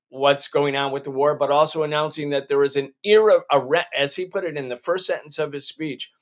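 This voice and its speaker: Man talking politics, voice pitched higher. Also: fairly bright tone. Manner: emphatic, with frequent restarts. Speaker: show host. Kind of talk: political commentary.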